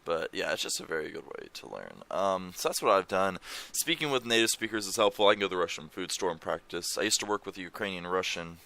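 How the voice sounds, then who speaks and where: A young man talks loosely at home, rambling from one thought to the next and swearing offhandedly. His voice sits very low with a gravelly fry, yet it carries a bright, forward edge. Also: sing-song, fast, few pauses. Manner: rambling, swears casually, reads foreign lyrics aloud. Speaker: language-learning vlogger. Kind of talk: casual screen-share chat. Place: home room.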